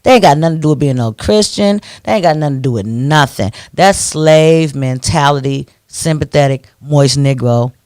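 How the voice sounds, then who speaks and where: A man hosting a radio talk show, ranting in an animated, preachy way into a studio microphone. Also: a little high, moderate pace, hardly any pauses, clean tone, dry recording.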